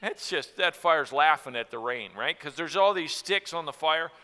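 A man preaches in an earnest style, dropping to a hush and then rising again. His voice is bright and sits a bit high. It rings with the long reverb of a big hall. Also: animated, normal speed. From Tennessee. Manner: earnest, swings from soft to loud. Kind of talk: sermon on marriage.

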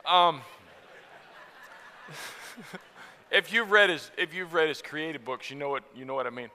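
A man, from Tennessee, preaching a sermon about marriage in an earnest way, going from soft to loud. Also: a little high, expressive, a little fast, in a large hall.

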